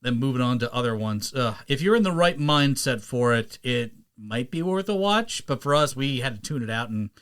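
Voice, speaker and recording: A man hosting a casual podcast chat, talking loosely with quick asides. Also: medium pitch, expressive, fairly bright tone, smooth. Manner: chatty, quick asides and impressions. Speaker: podcast host.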